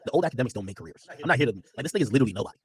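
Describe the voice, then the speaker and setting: A man brushes off a critic on his livestream. He is dismissive and repetitive, with a very fast pace and a lively, jumping pitch. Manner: dismissive, repetitive, swings in loudness. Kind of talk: livestream talk.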